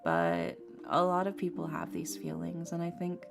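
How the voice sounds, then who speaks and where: A woman's voice: fairly low pitch, sing-song, normal speed, gravelly. A young woman streamer chatting casually, talking frankly and swearing as she vents about a painful personal story. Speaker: tarot streamer. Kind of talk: casual chat. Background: faint lofi music.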